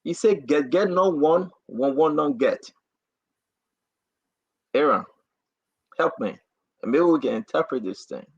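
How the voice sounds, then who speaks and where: A man hosting a talk show, giving impassioned, repetitive political commentary in a husky, gravelly voice. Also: mid-range voice, no echo. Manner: repetitive, rising to animated outbursts. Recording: dry, dull lo-fi audio.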